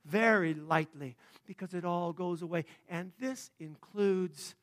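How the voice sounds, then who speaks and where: High-voiced man preaching a lively sermon. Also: measured pace. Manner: conversational preaching, swinging from hushed to fervent. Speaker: pastor.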